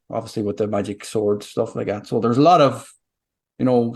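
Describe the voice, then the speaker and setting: A man's voice: medium pitch, a little mellow. A man co-hosting a podcast in casual chat, rambling and swearing freely as he explains. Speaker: podcast co-host.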